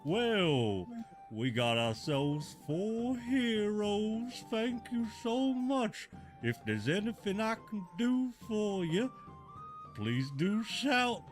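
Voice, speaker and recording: A man voicing a jolly, hearty male bugbear innkeeper who talks in a booming, drawn-out way. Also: sing-song, soft background music, heavily acted.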